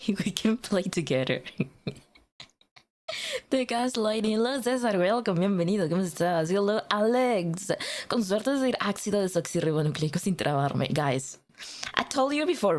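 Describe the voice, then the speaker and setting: A woman's voice: mid-range voice, expressive, normal speed, long pauses. A woman livestreamer chatting casually with her viewers, playful and teasing, giggling and stammering through restarts.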